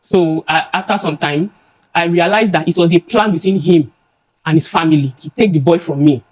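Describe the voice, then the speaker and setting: A young woman with a Nigerian accent giving emotional testimony before a judge, rushing and halting with many restarts and repeated words. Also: on the low side, a little mellow, low-quality recording.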